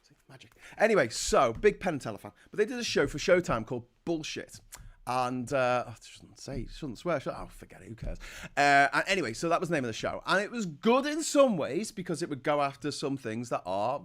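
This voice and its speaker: A man's voice: fairly high pitch, big pitch swings, fairly quick, fairly bright tone. Sarcastic ranting man. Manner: angry, sarcastic, blunt. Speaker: political commentary host. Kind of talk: ranting political commentary.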